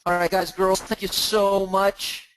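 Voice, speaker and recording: Male training host, slightly high voice, dry close sound; casual screen-share walkthrough with frequent restarts. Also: flat delivery, measured pace, fairly bright tone, clean tone, no room sound, poor audio. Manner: casual, narrates his clicks, often restarts words. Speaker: host of a mortgage training group.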